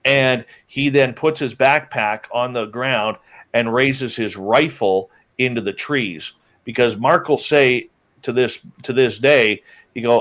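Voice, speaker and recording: A man of average pitch tells a story in a loose, casual way, as a guest on a show. He slips into his companions' voices when he quotes them. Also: slow pace. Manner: lively, acts out the quoted lines of his companions. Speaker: guest telling an encounter story.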